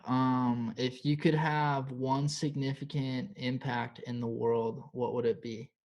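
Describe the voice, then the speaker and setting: A man hosting a relaxed interview, talking easily and filling his sentences with "like" and "totally". His voice stays flat and level with little rise or fall, at a middling pitch for a man. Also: slow, lo-fi sound. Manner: laid-back, filler-heavy talk with lots of "like" and "totally". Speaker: podcast host. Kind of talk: casual interview conversation.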